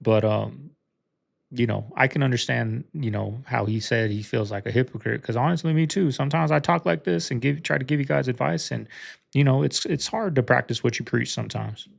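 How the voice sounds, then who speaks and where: A man's voice: mid-range voice, fairly quick, gravelly. A man hosting a reaction channel, talking casually and earnestly straight to his viewers, rambling a little as he gives his view.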